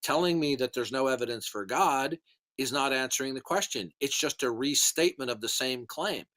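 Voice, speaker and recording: A man's voice: medium pitch, animated, moderate pace, a bit bright. A man lecturing in a casual voice chat, scornful and repetitive, with hiccups. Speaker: Christian apologist in voice chat. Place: online voice chat.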